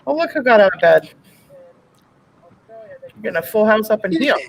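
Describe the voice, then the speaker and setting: A woman's voice: mid-range voice, sing-song, moderate pace, vocal fry, slight background noise, poor audio. A woman hosting a casual video chat with viewers, playful and laughing often. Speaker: host. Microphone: webcam.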